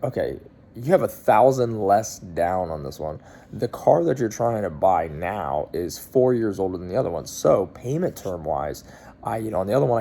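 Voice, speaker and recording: A man with a low, mellow voice and a gravelly edge tells a long story in a loose, rambling way. He stops and restarts often and fills gaps with fillers. Faint noise sits behind him. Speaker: car dealer. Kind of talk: casual storytelling.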